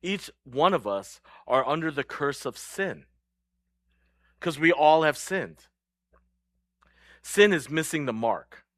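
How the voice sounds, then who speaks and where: Young male pastor, relaxed joking sermon delivery, bright tone. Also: a little high, slow pace, long pauses, dry recording. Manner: casual, joking, laughs often.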